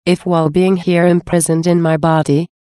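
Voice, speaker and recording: A woman reading a devotional text aloud in a measured, unhurried way. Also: lowish voice, little pitch movement, warm tone, no room sound, studio quality. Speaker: reader.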